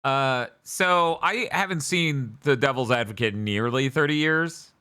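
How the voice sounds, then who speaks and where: Animated man, bright voice, rambling host. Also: mid-range voice, unhurried, smooth. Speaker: podcast host. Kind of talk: casual chat.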